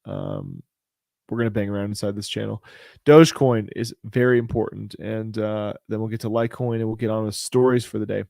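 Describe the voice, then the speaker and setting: A man's voice: fairly low pitch, lively intonation, fairly quick, vocal fry, warm tone, no room sound, clean studio sound. A man hosting a casual crypto show, talking through price charts in a rambling, chatty way with lots of fillers and restarts. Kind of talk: casual live chart commentary.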